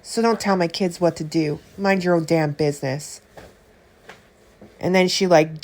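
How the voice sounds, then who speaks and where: A woman vlogging, telling a personal story to her viewers in an indignant, animated way with quick asides. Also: sits low. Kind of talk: casual storytelling to camera.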